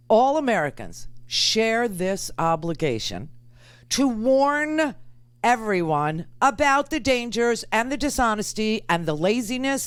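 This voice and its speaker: A woman's voice: medium pitch, clear, resonant tone, dry recording. A woman radio host giving sarcastic, ranting political commentary.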